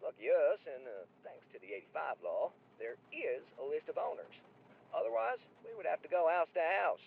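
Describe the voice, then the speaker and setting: An actor playing an overworked small-town male deputy, gruff and grumbling about bureaucracy, heard over a phone line. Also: on the high side, very animated, a little fast, exaggerated voice. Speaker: sheriff's deputy.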